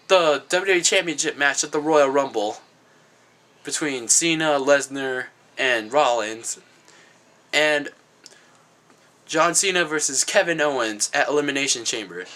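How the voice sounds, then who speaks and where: A man's voice: on the high side, bright, forceful tone. A young man giving an opinionated, casual video review of wrestling shows, swearing freely.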